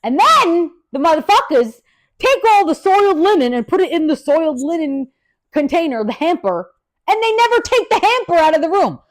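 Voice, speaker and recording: A woman hosting a podcast, telling a wild story in a casual, profane rant, swinging from loud and laughing to low, quiet asides. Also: very animated, normal speed. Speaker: podcast host.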